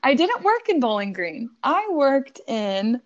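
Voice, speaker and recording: A woman from Buffalo, New York, tells a story on a casual podcast, swearing freely and laughing often. Her voice sits fairly high. The recording is dull and lo-fi. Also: sing-song, measured pace.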